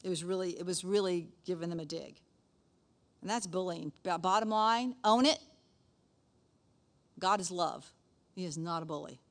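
A woman's voice: lowish voice, normal speed, pauses often. Middle-aged woman, folksy church teacher, chatty asides, scripture quoted in a preaching tone. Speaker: speaker at a church gathering. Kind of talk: sermon-style teaching.

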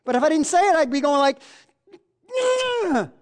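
A woman preacher delivering a sermon with passion. She repeats key phrases, swings from loud, emphatic cries to low, hushed asides. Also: racing.

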